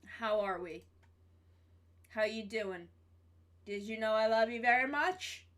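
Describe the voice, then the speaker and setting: A woman's voice: on the high side, slow. A woman streamer chatting casually to her viewers, swearing freely and repeating her greetings. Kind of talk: casual live-stream chat.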